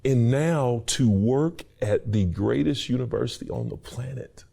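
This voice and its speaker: A man's voice: mid-range voice, measured pace, creaky, dark tone. A middle-aged man giving an earnest, preacherly personal testimony in an interview, repeating words as his feeling builds. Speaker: university staff member and interview guest.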